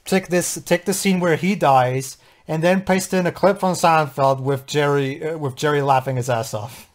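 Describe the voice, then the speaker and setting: Stammering man with a higher voice. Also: moderate pace. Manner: stammering, repeats words, jokey. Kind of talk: casual group movie commentary.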